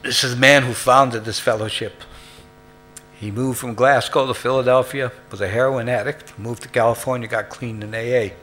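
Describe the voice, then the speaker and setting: Man sharing at a recovery meeting, emphatic storyteller, bright tone. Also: medium pitch, steady tone, moderate pace. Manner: emphatic, rising to loud peaks. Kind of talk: personal storytelling share.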